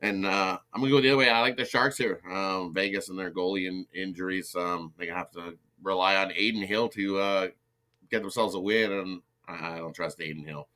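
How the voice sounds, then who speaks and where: A man giving hockey betting picks, pausing often with fillers as he explains each choice. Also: sits low, steady tone, pushed and bright. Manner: halting, filler-heavy picks.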